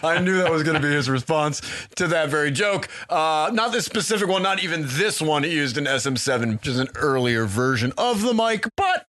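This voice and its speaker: Lively, bright-voiced podcast host. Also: male voice, a little high, brisk. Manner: laughs often, technical talk with many uh fillers. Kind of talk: casual podcast chat explaining audio gear. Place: small home studio room with poor acoustics. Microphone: close dynamic broadcast mic.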